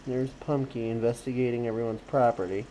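Woman teasing her cats in a low voice. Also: fairly even intonation, brisk, dark tone, slight background noise, poor audio. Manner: teasing, coos and swears at the cats. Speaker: vlogger filming her cats. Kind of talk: casual talk to pets. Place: at home indoors.

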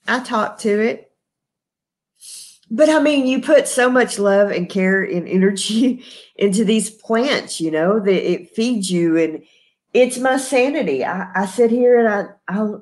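Middle-aged Texan woman, live-stream host, loose chatty delivery with frequent laughs, mid pitch. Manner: chatty, laughing often, greets viewers by name. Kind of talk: casual live-stream chat.

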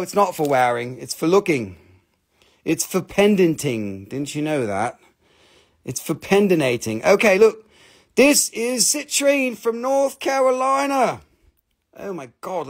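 Here the crystal-and-mineral stream host has a fairly high voice with audible vocal fry. His selling style is rambling and humorous, laced with playful vulgarity.

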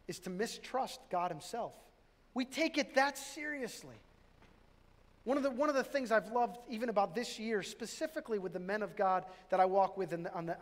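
Man, pastor, middle-aged, high voice, conversational sermon, restarts, reverberant church hall. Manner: conversational, with restarts and self-deprecating jokes. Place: church sanctuary.

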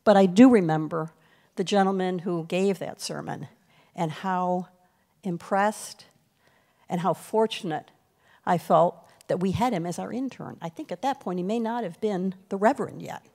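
A woman giving a heartfelt farewell speech to a departing minister in a church, in a halting, reflective way. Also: medium pitch, mellow. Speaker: congregation member giving a tribute. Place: church sanctuary.

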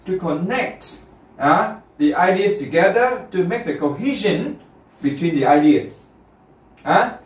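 Brief: male teacher running a lesson, a bit high, in a roomy classroom heard from across the room. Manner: checks in often with students, repetitive and encouraging. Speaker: English test teacher. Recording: roomy classroom, mic far off.

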